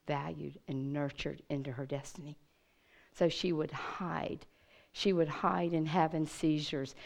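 A woman giving a sermon as a guest speaker, telling a personal story with animation and talking straight to her listeners. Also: low voice. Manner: animated storyteller addressing the audience directly. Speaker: guest speaker at a women's church gathering. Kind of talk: testimony sermon.

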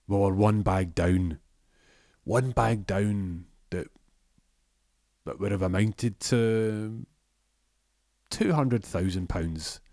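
A man's voice: deep voice, darkish tone, no echo, studio quality, full character voice. A man voicing a smug, scheming male gangster who taunts his rival. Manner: gloating, taunting.

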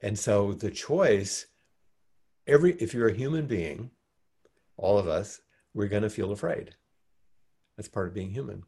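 Gravelly low-voiced meditation teacher. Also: male voice, expressive, measured pace, long pauses, mellow. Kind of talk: teaching response in group discussion.

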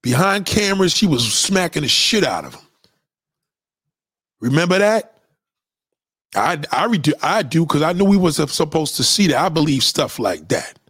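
Dude going off on a rant, high voice jumping all over, cussing a lot, dry close sound. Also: male voice, moderate pace, long pauses, breathy edge, dry recording. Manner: animated, profane, preachy and conspiratorial; repeats himself for emphasis. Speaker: vlogger giving opinions. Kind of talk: profane rant to camera.

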